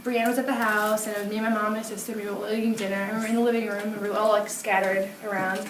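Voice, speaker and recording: A woman's voice: mid-range voice, little pitch movement, very fast. A young woman telling a story in casual chat, rambling with many filler words and laughing as she goes. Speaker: podcast co-host. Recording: echoey room, distant mic, loud hiss and clicks.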